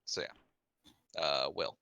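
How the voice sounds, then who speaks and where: A man's voice: very slow, highs cut off, noisy background. A man leading a casual team stand-up, rambling with lots of "like" and "I mean".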